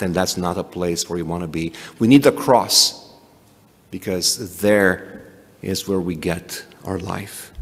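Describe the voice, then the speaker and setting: A man preaching a sermon, animated, often restarting and adding asides. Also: low-pitched. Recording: long hall reverb.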